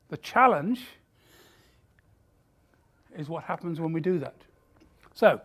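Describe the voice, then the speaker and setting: Woman, deep voice, emphatic and candid keynote speaker. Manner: emphatic and candid, with quick asides. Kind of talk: corporate keynote talk.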